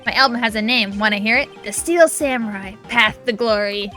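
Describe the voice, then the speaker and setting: A woman's voice: a little high, a little fast, sharp tone, faint music behind. Woman doing a bragging grade-school boy fan. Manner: bragging, eager.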